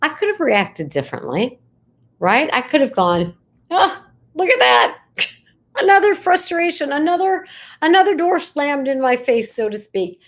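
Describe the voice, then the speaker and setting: A woman's voice: high voice, big pitch swings, normal speed. A middle-aged woman, a psychologist, talking reflectively to her audience in a conversational way, often checking in with "right?" and rising sharply for emphasis. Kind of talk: reflective talk to camera.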